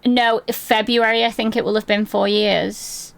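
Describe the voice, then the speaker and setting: A woman's voice: mid-range voice, little pitch movement, a little slow, creaky, no echo. A woman in her twenties streaming from home, chatting casually with her chat, swearing freely and poking fun at herself. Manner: chatty, swears often, self-deprecating, laughs easily. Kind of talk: casual chat reading chat aloud.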